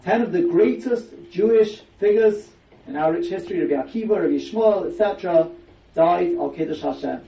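A man with a high, creaky, dark-toned voice teaches a Torah class at a moderate pace, relying on emphatic rhetorical questions to explain. He is a rabbi, and the audio is echoey, distant and dull.

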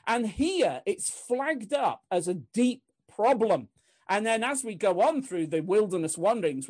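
A woman's voice: medium pitch, a little mellow. A woman preaching a Bible sermon in a conversational, earnest way, asking rhetorical questions and often restarting her sentences.

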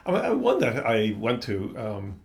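An older American man with a low, gravelly voice, speaking in a church office. He is a pastor reminiscing in a thoughtful, rambling manner, with a mild accent from Boston. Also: wildly swooping pitch, slight background noise. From United States (Boston). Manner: reflective, meandering, unhurried storytelling. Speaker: pastor and interview guest. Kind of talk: casual conversation.

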